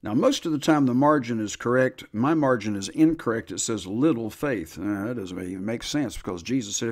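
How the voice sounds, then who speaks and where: Older male preacher, folksy sermon delivery, lively up-and-down pitch, slowed and stressed scripture quotes. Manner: folksy, drawls scripture slowly with emphatic rises. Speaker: preacher and Bible teacher.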